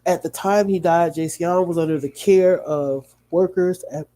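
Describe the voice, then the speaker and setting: A man hosting a livestream, reading a news article aloud in a sleepy, yawning way, with small slips and quick asides to his chat. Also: on the high side, warm tone. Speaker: livestream host.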